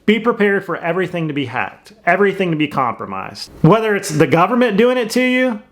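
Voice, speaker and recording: High-voiced man giving chatty commentary. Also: sing-song, a little fast. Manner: chatty, laughs between points. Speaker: host. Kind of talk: casual commentary.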